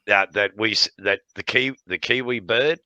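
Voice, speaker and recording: On his live stream, an Australian host tells stories with jokes and lively yarn-spinning, laughing often and swearing freely. His lowish voice is smooth and at a normal speed, recorded without echo and with the highs cut off.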